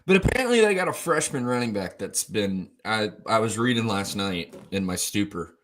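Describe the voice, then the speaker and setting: A man's voice: on the low side, animated, normal speed, fairly bright tone. A man co-hosting a casual college football show, joking and rambling while hungover. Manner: joking, rambling, self-mocking. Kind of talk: casual sports chat.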